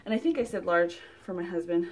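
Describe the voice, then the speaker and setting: A woman reviewing a subscription box in a casual unboxing vlog, chatty and rambling with lots of fillers and restarts, getting excited as she pulls out items. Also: lowish voice, quick pace. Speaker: product reviewer.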